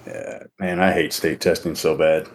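A man co-hosting a casual podcast chat, a teacher who jokes in a dry, deadpan way. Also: a bass voice, moderate pace. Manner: dry, joking, deadpan asides.

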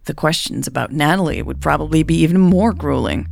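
Romance audiobook narrator, woman, deep and slightly creaky, calm and steady. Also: brisk, slight background noise.

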